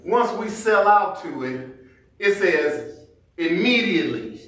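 A man's voice: high-pitched, expressive, slow, a bit bright. Male pastor, conversational sermon delivery, acts out scenes; very echoey church, distant mic. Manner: conversational Black church preaching, acting out everyday scenes. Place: church sanctuary.

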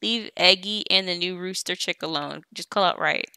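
A woman's voice: on the low side, normal speed, bright, forceful tone, smooth. A woman casually commenting on her gameplay. She chats in loose, slangy speech while bossing and teasing her game characters. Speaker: let's play host.

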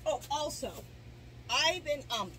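Chatty middle-aged woman vlogger with hiccups, fairly high voice, camera set off to the side outdoors, noisy background. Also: expressive, takes it slowly. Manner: chatty, rambling, many restarts and asides. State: hiccups and coughing. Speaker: garden vlogger. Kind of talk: casual DIY tutorial. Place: outdoors in a garden. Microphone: camera set down at a distance.

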